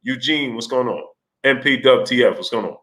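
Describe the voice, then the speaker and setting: A man's voice: mid-range voice, brisk, fairly bright tone. A man hosting a casual sports livestream, greeting viewers in the chat by name and ranting in a loose conversational way. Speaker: livestream host.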